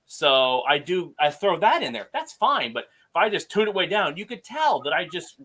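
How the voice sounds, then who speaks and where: Bright, animated male podcast host. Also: on the high side, fairly quick, hardly any pauses. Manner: animated, emphatic storyteller. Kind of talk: casual conversation.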